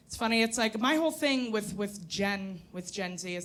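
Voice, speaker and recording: A woman's voice: medium pitch, very animated, normal speed, few pauses, a bit bright, a little hiss or hum. A woman in her forties doing a brash, profane stand-up comedy set on a comedy club stage, teasing the crowd. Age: 40s.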